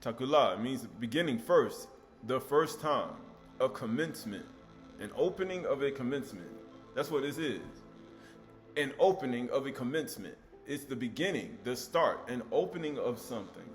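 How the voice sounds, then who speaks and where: A man's voice: mid-range voice, animated, moderate pace, soft background music. A man giving a scripture teaching, emphatic, repeating key words and asking rhetorical questions.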